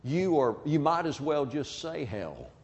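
Brief: male preacher, slightly high voice, emphatic, long hall reverb. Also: very animated, a little slow, a little mellow, dull audio. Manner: emphatic, acts out quoted people in dialogue. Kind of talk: sermon.

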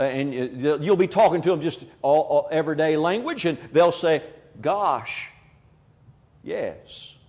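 Brief: male preacher, slightly high voice, emphatic, long hall reverb. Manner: emphatic, acts out quoted people in dialogue. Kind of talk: sermon.

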